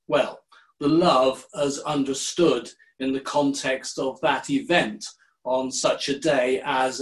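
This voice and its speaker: Older male preacher, unhurried sermon delivery, slightly raised pitch. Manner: measured, deliberate delivery with quoted scripture. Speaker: minister.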